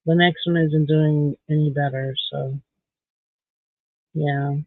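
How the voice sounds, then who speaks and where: A man's voice: a little high, little pitch movement, slow pace, dry recording. A man from Canada chatting casually on a livestream while beading, giving blunt, candid opinions. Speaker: livestream host. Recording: tinny phone-like dry sound.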